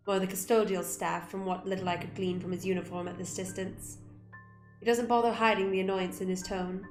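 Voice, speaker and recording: A woman gamer reading a visual novel aloud with expressive delivery and blunt, swearing asides. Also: medium pitch. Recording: roomy room with music behind.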